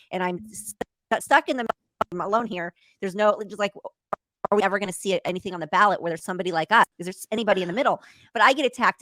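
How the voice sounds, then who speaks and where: A woman podcast host talks frankly and emphatically, and her words come out very quickly. Her voice sits in a middle range. The recording is dry, with no room sound around it. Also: mid-range voice, fairly bright tone, no echo. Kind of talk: casual chat.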